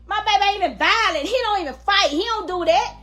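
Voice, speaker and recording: A woman's voice: very high voice, fast, pushed and bright, soft background music. A middle-aged woman makes an angry, emphatic public plea as a grieving grandmother, repeating herself for force. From Louisiana, USA.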